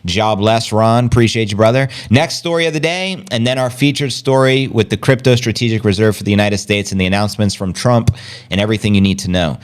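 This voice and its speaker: A man's voice: lowish voice, fairly quick, smooth. A man hosting a casual livestream, reading out news and chat comments in a hyped, loose, chatty way. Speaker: crypto livestream host.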